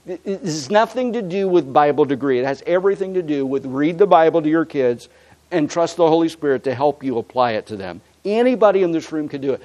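A male pastor preaching a sermon in church, earnest, swinging from loud emphasis to quiet asides. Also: on the high side, expressive, brisk.

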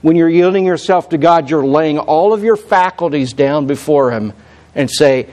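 Conversational male pastor preaching. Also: normal speed. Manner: conversational preaching with repeated restarts and self-corrections; climbs loud and high when quoting God's voice. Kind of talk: sermon.

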